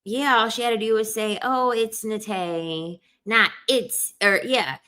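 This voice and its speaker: A woman's voice: a little high, fairly even intonation, normal speed, pushed and bright. A woman chatting casually to her viewers, emphatic and repeating herself, laughing often. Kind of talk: casual chat to camera.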